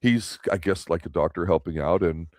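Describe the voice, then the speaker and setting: Speaking at a normal speed, a deep-voiced man hosting a TV review show rambles through a casual, opinionated chat and keeps restarting his sentences. His pitch sits very low, and the audio is dry and close-miked.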